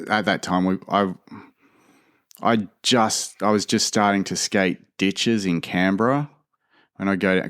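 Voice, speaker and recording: A man in his fifties with an Australian accent, telling lively stories as a podcast guest with many restarts. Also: low voice, smooth, no echo, clean studio sound. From Sydney, Australia. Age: 50s. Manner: animated, full of restarts and laughter. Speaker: podcast guest, skater and skatepark designer. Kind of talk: casual storytelling.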